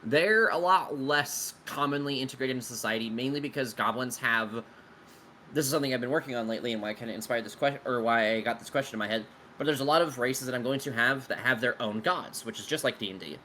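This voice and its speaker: A man's voice: medium pitch, fast talker, bright, forceful tone, a little hiss or hum. A man running a tabletop game as game master, casually explaining his world to players with lots of fillers and some swearing. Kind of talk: answering player questions out of character.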